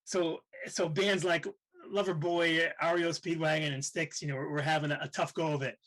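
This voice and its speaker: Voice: mid-range voice, little pitch movement, normal speed, fairly bright tone, poor audio. An interviewer asking a guest a long prepared question. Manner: prompting, sets up stories with cue words.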